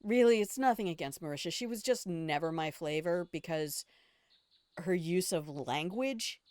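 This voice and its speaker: An older woman streaming a game talks in a smooth, clear voice that sits a little low for a woman. She is blunt and opinionated, swears without a second thought, and drifts from one rambling aside to another. The sound is close and dry, with no room echo. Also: expressive, normal speed, a little mellow. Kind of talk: casual gameplay commentary.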